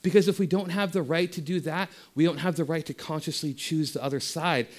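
A man giving a spiritual talk that moves from passionate teaching into a soft, slow guided meditation. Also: fairly high pitch, fairly even intonation.

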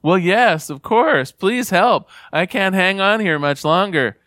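A man voicing a frightened man hanging from a cliff edge, pleading high and strained as he tells a joke. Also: very animated, measured pace, a bit bright, no room sound, studio quality. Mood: desperate pleading. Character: panicked man dangling from a cliff.

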